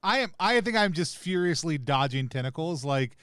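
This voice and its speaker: A man playing a tabletop game, animated and rambling, laughing often as he describes his character. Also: a little high, moderate pace, clear, resonant tone, dry recording, studio quality. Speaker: player. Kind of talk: tabletop role-play chat.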